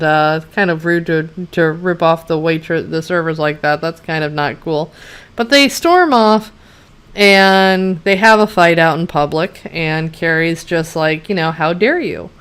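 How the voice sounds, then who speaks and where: A woman with a lowish, smooth and clear voice rants through a TV recap. Her tone is blunt and sarcastic, with freely dropped swear words. Chatty "you know" and "like" asides run all through her talk. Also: unhurried, a bit bright. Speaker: TV show reviewer. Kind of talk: casual rant recapping an episode.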